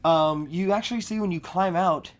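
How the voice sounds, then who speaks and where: A woman's voice: on the low side, moderate pace. A woman narrating a tabletop game as game master, with a scratchy throat and a hesitant delivery full of fillers. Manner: hesitant, many fillers and restarts.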